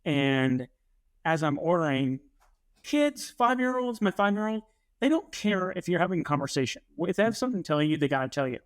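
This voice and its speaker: A man's voice: fairly high pitch, very animated, a little fast, no room sound. A man in his thirties co-hosting a podcast, telling an easygoing anecdote in casual chat. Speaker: podcast co-host.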